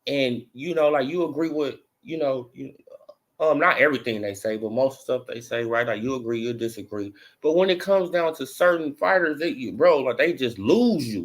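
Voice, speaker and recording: A man's voice: mid-range voice, moderate pace. A man giving a casual boxing opinion rant, full of slang and fillers like "bro" and "you know". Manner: rising to animated mocking in the back half. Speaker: boxing commentary vlogger.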